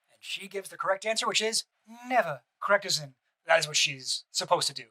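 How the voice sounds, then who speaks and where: Fast-talking high-voiced male streamer. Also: bright, forceful tone, rough recording. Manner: rambling, many restarts and asides, blunt swearing. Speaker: streamer reacting to a deposition. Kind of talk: casual reaction commentary.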